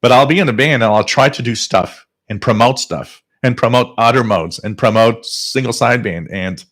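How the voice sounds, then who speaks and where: A man hosting a live radio-hobby stream, ranting emphatically and rising toward near shouting. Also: lowish voice. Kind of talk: live-stream talk and rant.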